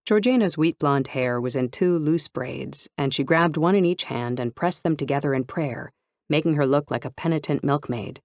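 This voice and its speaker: A woman narrating a first-person novel in an even, clear storytelling voice. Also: low-pitched, normal speed, no room sound, studio quality. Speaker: audiobook narrator.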